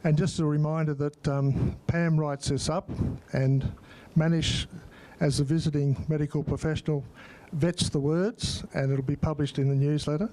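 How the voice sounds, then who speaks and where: A man's voice: on the high side, steady tone, normal speed, hardly any pauses, mellow. A man chairing a meeting's question session, talking in a chatty, hesitant way with many fillers. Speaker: support group meeting chair. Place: meeting room.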